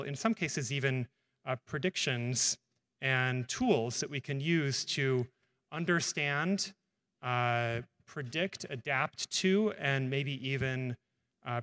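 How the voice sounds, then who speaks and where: Male professor as moderator, halting unscripted speech, mid pitch, long reverb of a lecture hall. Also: fairly bright tone. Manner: hesitant, many uh fillers, friendly.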